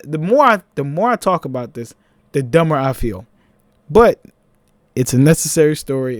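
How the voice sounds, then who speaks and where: A young man with a Philadelphia accent, telling a personal story in a casual, animated vlog, with laughing asides. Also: a little high, no room sound.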